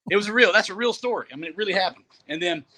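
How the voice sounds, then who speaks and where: A man telling a travel story in a casual, animated way, often laughing and repeating words as he goes. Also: sits high, very fast. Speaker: storyteller guest. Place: Jamaica.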